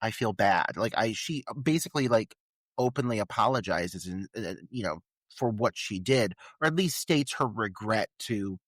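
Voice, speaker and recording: A man co-hosting a podcast, talking through a film in relaxed chat, full of filler words. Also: on the low side, normal speed, no room sound, studio quality. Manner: conversational, many filler "like"s. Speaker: podcast co-host. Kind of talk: casual film discussion.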